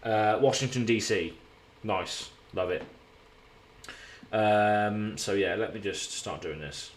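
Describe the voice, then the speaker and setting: A man talks casually on a live stream from a hotel room, his voice sitting a little low. He rambles and repeats himself while answering viewers by name from the chat. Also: slow, a little hiss or hum.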